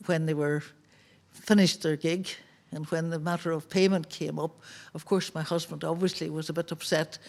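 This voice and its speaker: A woman with a Northern Irish accent telling a radio guest anecdote about her late-night memory, in a measured way. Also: low-pitched. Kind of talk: reminiscing anecdote.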